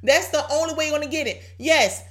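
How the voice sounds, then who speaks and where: Brief: high-voiced woman preacher, exhorting, hoarse. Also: fast talker. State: voice going hoarse. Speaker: podcast preacher. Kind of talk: informal sermon.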